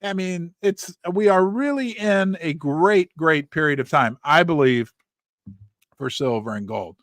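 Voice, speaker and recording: A middle-aged man with a fairly high voice hosts a livestream in a casual chat. His pitch swings widely as he reads out viewers' names and places in quick, animated bursts. The sound is close and dry. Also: dry recording. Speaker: livestream host.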